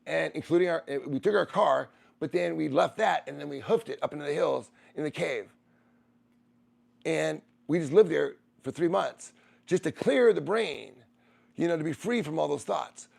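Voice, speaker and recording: A man's voice: on the high side, normal speed, creaky, darkish tone. A middle-aged man who streams, telling a personal story in a rambling way, restarting and repeating phrases.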